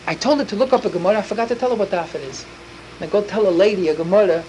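Fast-talking man telling a story with inflection. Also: high-pitched, darkish tone, slight background noise, low-quality recording. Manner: rapid, breathless, full of Yiddish and Hebrew words. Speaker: storyteller for children. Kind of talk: animated storytelling.

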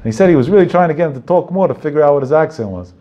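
A man's voice: on the high side, animated, racing, dark tone, highs cut off. Man giving a rambling storytelling talk. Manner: digressive, anecdotal, sprinkled with Hebrew terms.

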